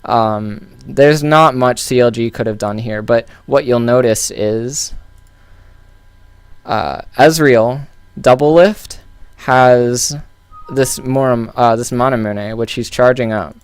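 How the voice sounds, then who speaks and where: A man walks through a recorded match, talking loosely and often restarting his sentences. His voice is smooth and clear at a middle pitch. He sits close to the mic in a dry, dead room. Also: slow pace, no room sound. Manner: loose and thinking aloud, with many fillers and restarts. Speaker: game analyst. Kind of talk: casual game analysis commentary.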